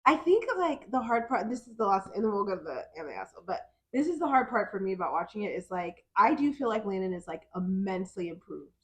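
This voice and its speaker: A woman with a mid-range voice co-hosting a casual podcast. She talks in a relaxed way, mostly giving short replies and laughing easily. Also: medium pitch, quick pace, few pauses. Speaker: podcast co-host. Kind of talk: casual chat.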